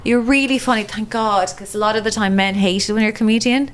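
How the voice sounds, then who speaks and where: A comedian in her forties with an Irish accent, co-hosting a podcast and telling a dating story in casual, animated chat, with swearing and quick asides. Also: mid-range voice. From Ireland.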